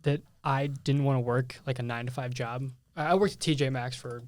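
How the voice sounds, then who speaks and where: A man's voice: mid-range voice, fairly even intonation, fairly quick, no room sound. A man chatting casually as a podcast host, hesitant and starting his sentences over. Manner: hesitant, restarts and laughs. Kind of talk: casual conversation.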